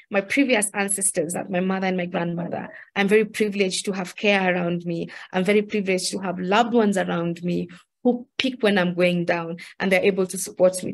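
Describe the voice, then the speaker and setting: Earnest woman with a gravelly voice. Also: medium pitch. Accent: Kenyan. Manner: earnest, emphatic, repeats words for stress. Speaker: guest. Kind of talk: reflective interview talk.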